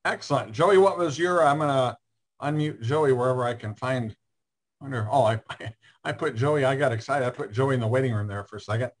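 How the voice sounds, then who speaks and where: A man hosting a casual online show, friendly and halting with lots of fillers. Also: medium pitch. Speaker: host. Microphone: video call.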